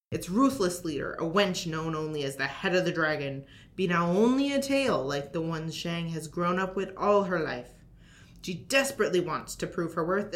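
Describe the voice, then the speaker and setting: A woman co-hosting a library podcast, reading book recommendations aloud in a storytelling manner sprinkled with mock pirate dialect. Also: on the low side.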